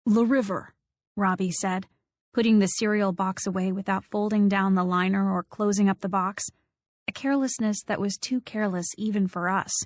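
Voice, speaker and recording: A woman narrating a first-person audiobook, telling the story in a measured, wry way. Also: mid-range voice, steady tone, no echo.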